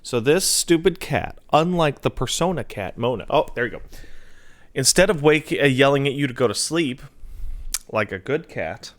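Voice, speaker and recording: A man's voice: medium pitch, animated, normal speed. A man streaming from home on a desk mic, chatting casually to his cat with profane, mock-scolding banter. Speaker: game streamer. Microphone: desk mic on a stand.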